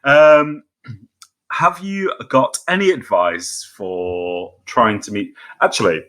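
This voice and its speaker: A man co-hosting a podcast in casual chat, easygoing and laughing, often pausing on fillers. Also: mid-range voice, a bit bright. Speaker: podcast co-host.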